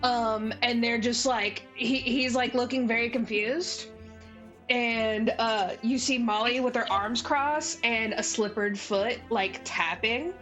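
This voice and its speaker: A woman's voice: on the high side, steady tone, slow pace, fairly bright tone, faint music behind. A woman narrating as game master in a loose, filler-heavy storytelling manner.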